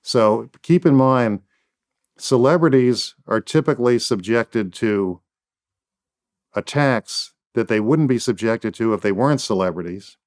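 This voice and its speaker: A man's voice: medium pitch, measured pace, darkish tone. A man speaking as a guest defense attorney in an interview, making firm points in emphatic, repeated phrases. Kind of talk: interview answers.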